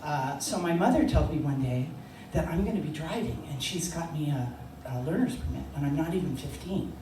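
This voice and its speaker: An older woman telling a personal story, animated and laughing, acting out the voices of others. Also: low-pitched, brisk. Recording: echoey room, distant mic, noisy.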